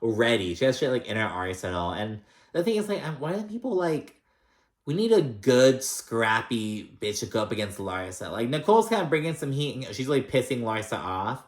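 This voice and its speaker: A man's voice: mid-range voice, very animated, moderate pace. Sassy, profane man gossiping. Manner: chatty, profane, sassy, lots of fillers. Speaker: recap vlogger. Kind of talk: casual gossipy recap.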